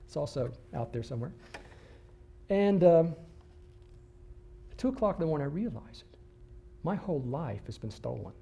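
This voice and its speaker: A male pastor preaching a sermon, telling a personal story in an animated way that swings between excited bursts and hushed moments. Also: a little high, moderate pace, gravelly, long pauses, muffled recording, a little hiss or hum.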